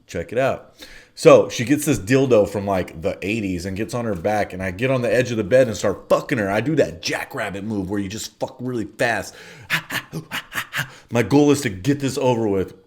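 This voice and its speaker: A man's voice: fairly low pitch, moderate pace. A man telling a crude comedic story in a blunt, offhand way, with bored asides.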